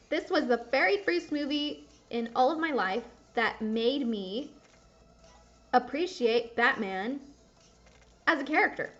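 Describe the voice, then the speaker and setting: A gaming video creator, a young woman with a highish, somewhat bright voice, talks casually and openly as she plays. Her commentary wanders, with the odd curse directed at the game, all captured in dull, lo-fi audio.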